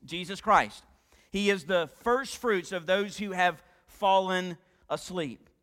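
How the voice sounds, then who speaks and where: A man preaching a sermon, throwing questions to the congregation and answering them, swinging between emphatic loud lines and hushed low ones. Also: long reverb tail. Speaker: pastor.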